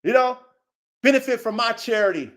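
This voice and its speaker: A man, rambling through a profane, repetitive, preachy monologue that swings between low mutters and loud outbursts. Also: lively intonation, normal speed. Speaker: dog breeder and vlogger. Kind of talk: casual unscripted monologue.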